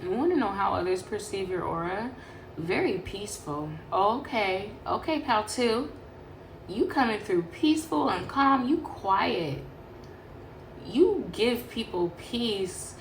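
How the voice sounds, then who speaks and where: Profane, animated woman tarot reader. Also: medium pitch, takes it slowly, a little hiss or hum. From Sacramento, California. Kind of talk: casual tarot reading to camera. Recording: echoey room with faint ambience.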